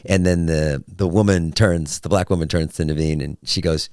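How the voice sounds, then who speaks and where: A man in his forties hosting a solo podcast, talking casually and jokily, often jumping into a high, excited voice. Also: a little fast, few pauses, clear, resonant tone, no echo, studio quality. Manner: animated, jokey, swings into high excited pitch. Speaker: podcast host.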